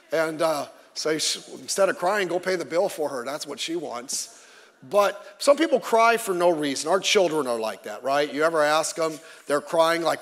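A pastor preaching a Sunday sermon in a relaxed, joking way to his congregation. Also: a little high, normal speed. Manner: conversational with jokes to the congregation. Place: church sanctuary. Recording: long reverb of a large hall.

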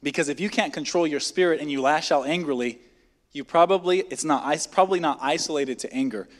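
A man with a fairly high pitch and a slightly fast delivery preaches at a midweek church service. He addresses the congregation in a conversational way, firing off rhetorical questions. The sanctuary gives the sound a long hall reverb.

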